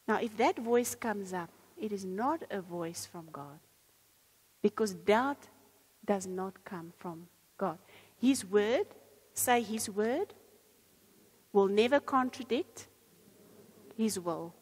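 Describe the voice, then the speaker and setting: A woman preaches with a husky, slightly breathy voice. She reads scripture aloud and then unpacks it with earnest conviction. Her words ring out with a long reverb, as in a large hall. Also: mid-range voice, lively intonation, slow pace. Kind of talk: sermon.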